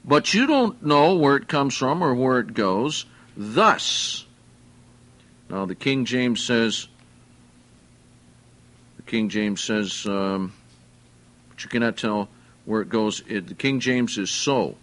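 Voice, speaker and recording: A man preaching a sermon, teaching verse by verse in a slow, deliberate way and putting questions to his listeners. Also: medium pitch, animated, fairly bright tone. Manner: slow, deliberate, explains Greek words and asks the listeners questions.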